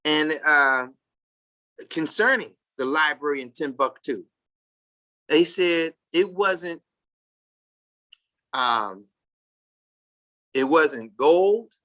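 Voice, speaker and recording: Sabbath class teacher, slow and bright, halting delivery with loud bursts of emphasis. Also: medium pitch. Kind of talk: reading a text aloud and commenting to a class.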